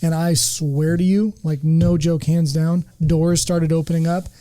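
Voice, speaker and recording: A man's voice: on the high side, flat delivery, measured pace, warm tone, low-quality recording. A man sharing earnestly and emphatically in a casual podcast chat, speaking in terms of faith. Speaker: podcast guest, returning regular.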